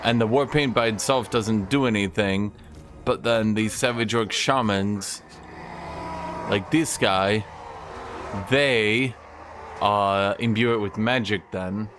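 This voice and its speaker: A man's voice: on the low side, takes it slowly, long pauses, fairly bright tone, a little hiss or hum. A man giving casual gameplay commentary as a streamer, rambling and chatting to his cat between remarks. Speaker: gaming streamer.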